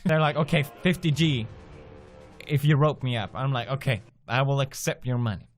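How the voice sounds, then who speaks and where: A man in his twenties from Sweden, telling a profane, animated gaming story as a video blogger and acting out people's reactions. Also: medium pitch, normal speed. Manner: profane, animated, laughs often, acts out quoted reactions. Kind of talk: casual storytelling monologue.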